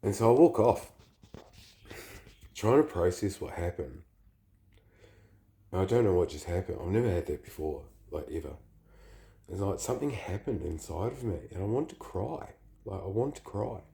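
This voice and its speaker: Man, flu-sick, very low creaky voice, rambling confessional storytelling. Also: animated, moderate pace, long pauses, mellow. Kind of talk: casual personal storytelling.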